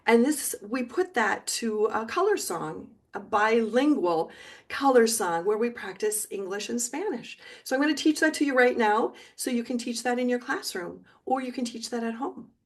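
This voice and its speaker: A middle-aged woman teaching a video lesson, encouraging and repeating words slowly for learners, now and then singing along. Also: fairly high pitch, lively intonation. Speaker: Spanish teacher.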